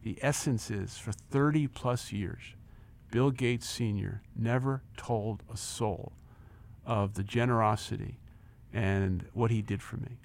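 Fairly low, slow and creaky, the voice belongs to a man in his sixties who used to run a company. Interviewed as a guest, he tells a story from his own life with energy, voicing each character's dialogue and doubling up words as he gets swept along.

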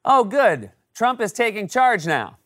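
Guy with a kinda high voice doing a late-night monologue, wry punchy jokes. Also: very animated, unhurried, a bit bright, slight background noise. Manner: wry, punchy joke delivery. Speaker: late-night comedy host. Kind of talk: scripted comedic monologue.

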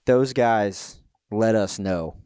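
A middle-aged man, co-host of a podcast, recounting a pit crew story in a relaxed, plainspoken way. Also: fairly low pitch, slow, smooth, no echo. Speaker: podcast co-host, former tire changer. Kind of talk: casual storytelling chat.

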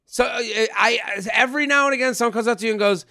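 A man with a notably high voice hosts a casual comedy podcast, reading listener emails and riffing with his guest in an animated, joking way. The sound is dry and close. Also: fast, vocal fry, no echo. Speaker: podcast host.

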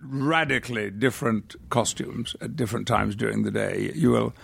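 An older man from the north of England, a guest actor telling anecdotes in a measured, articulate and wry manner. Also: medium pitch, steady tone, gravelly, breathy edge. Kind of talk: anecdotal interview storytelling.

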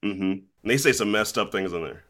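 A man's voice: on the low side, expressive, fast talker, a bit bright. A young adult man, a podcast guest and voice actor, chatting casually with lots of fillers and restarts. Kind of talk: casual chat.

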